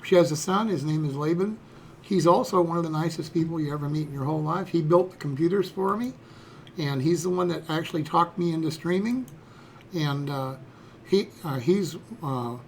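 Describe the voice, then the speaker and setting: Gravelly man in his sixties telling a story. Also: a little high, normal speed, slight background noise. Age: 60s. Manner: rambling, folksy, fillers like "you know" and "okay". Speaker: streamer. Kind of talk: personal storytelling.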